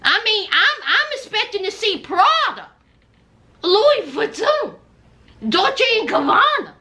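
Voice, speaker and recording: A woman with a very high, bright voice delivers reality-show commentary in a sassy, scolding way. She talks slowly and lets her pitch climb and dip as she makes her points. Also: very animated. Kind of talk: reaction commentary vlog.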